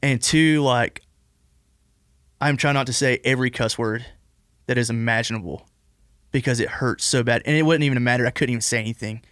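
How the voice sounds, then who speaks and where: Young man, podcast guest, rambling casual storytelling, mid-pitched voice, dry room. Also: brisk, long pauses, a bit bright, no echo. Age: 20s. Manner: rambling, heavy use of "like" and restarts.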